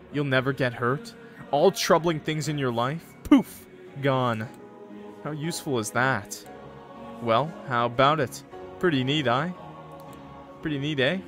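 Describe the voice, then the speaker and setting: A man's voice: medium pitch, fairly bright tone, close to an everyday voice. A man voicing a smug, cocky male guardian angel, reading game dialogue in a playful, sly drawl.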